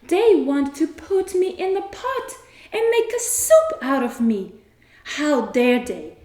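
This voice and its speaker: A woman's voice: high voice, big pitch swings, slow, darkish tone, echoey room, full character voice. A woman doing an indignant old rooster.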